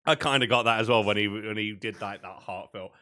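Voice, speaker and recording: A man's voice: fairly low pitch, fairly quick. Laughing man on a podcast. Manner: laughs often, animated retelling. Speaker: podcast co-host. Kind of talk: casual chat.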